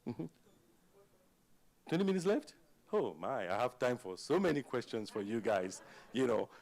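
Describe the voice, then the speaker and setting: A man's voice: medium pitch, moderate pace, vocal fry. A man giving a live conference presentation, engaging the audience with questions. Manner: animated, asks the audience questions. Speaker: conference speaker.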